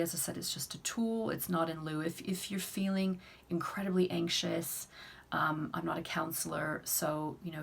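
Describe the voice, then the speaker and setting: Woman wellness coach, low husky voice with fry, calm how-to delivery. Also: slight background noise. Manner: calm, steady explaining with fillers. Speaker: self-help coach. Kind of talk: instructional talk to camera.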